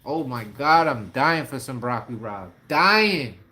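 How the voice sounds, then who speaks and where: A man from New York City with a New York accent, hosting a casual livestream and chatting with viewers in lively slang. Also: medium pitch, normal speed. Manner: animated, slangy, laughs often, talks to viewers by name. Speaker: livestream host. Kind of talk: casual live chat reading comments.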